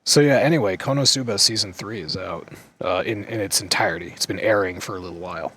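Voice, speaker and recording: A man with a lowish voice chats loosely on a gaming podcast. He rambles and jokes, often restarting his sentences. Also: quick pace, fairly bright tone, a little hiss or hum. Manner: rambling, jokey, with filler restarts. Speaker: podcast co-host. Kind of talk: casual gaming podcast chat.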